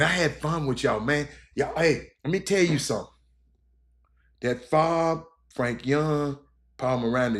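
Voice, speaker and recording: A middle-aged man, talking casually to viewers as a sports host, rambling with lots of fillers and restarts. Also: mid-range voice. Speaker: sports broadcaster and show host. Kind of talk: casual live-stream chat with viewers.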